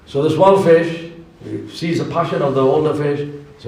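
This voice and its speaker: Preacher in an echoey mosque. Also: male voice, fairly high pitch, moderate pace. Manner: animated storytelling with humorous asides. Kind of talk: sermon. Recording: echoey mosque hall from far off.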